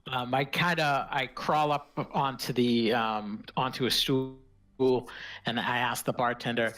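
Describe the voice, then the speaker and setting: A player in a tabletop game, asking in-character questions deliberately. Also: mid-range voice, fairly even intonation, a bit bright. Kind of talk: casual tabletop game chat.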